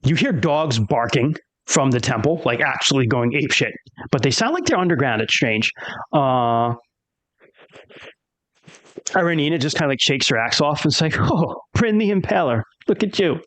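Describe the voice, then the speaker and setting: A man's voice: medium pitch, moderate pace, long pauses, fairly bright tone. A man narrating a tabletop game as game master, in a casual, loose way with lots of fillers.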